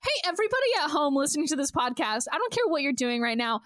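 A woman's voice: high-pitched, sing-song, quick pace, a bit bright. A woman co-hosting a podcast, talking casually and emphatically, laughing often. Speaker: podcast co-host.

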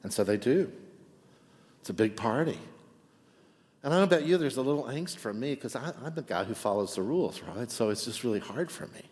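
Conversational pastor in an echoey hall. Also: male voice, medium pitch, brisk. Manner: conversational, frequent "right?" asides, animated. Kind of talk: sermon.

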